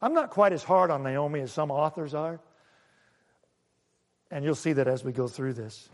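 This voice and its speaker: A man preaching a sermon, swinging between loud and hushed and asking the congregation questions. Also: fairly high pitch, animated, normal speed, big-room sound. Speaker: pastor.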